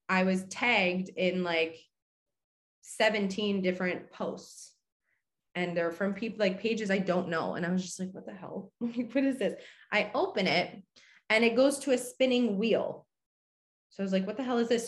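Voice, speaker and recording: A young woman telling a personal story in casual chat, animated and full of "like", acting out her own reactions. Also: medium pitch. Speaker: podcast guest.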